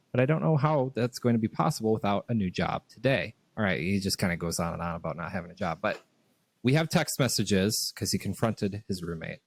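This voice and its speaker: A man with a fairly low voice reads an online post aloud in a dry, matter-of-fact way, swearing now and then. The sound is close and dry. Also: dry recording. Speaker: podcast co-host. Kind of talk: reading a post aloud on a comedy podcast.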